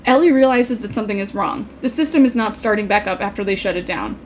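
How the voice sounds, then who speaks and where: A woman co-hosting a casual podcast, reading out a brisk plot recap and swearing freely. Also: mid-range voice, animated, slight background noise. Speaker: podcast co-host recapping a film. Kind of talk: casual chat.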